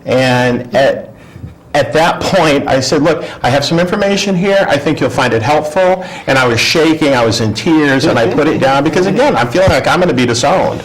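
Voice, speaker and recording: A man's voice: fairly high pitch, animated, normal speed, poor audio. A middle-aged man, a guest on a talk show, telling a personal story in a casual way. He acts out the voices he quotes and often restarts his sentences.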